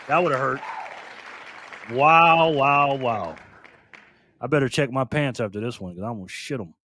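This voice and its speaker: A man's voice: medium pitch, lively intonation, measured pace, long pauses, pushed and bright, a faint crowd, slight background noise. Playful man hosting a live stream. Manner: playful, teasing, laughs often. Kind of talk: casual live stream chat reading viewer comments.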